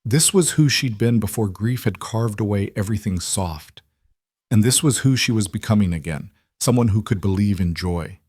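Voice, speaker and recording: A man narrating a scripted western romance story in a measured, gentle way. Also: lowish voice, animated, husky, dry recording, clean studio sound.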